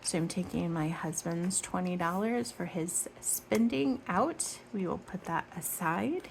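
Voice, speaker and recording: A woman from Michigan with a low, gravelly voice hosts a casual budgeting vlog. She chats in rambling tangents, corrects herself as she goes, and counts bills out loud. There is a faint hiss behind her. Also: animated, unhurried. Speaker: budgeting channel host.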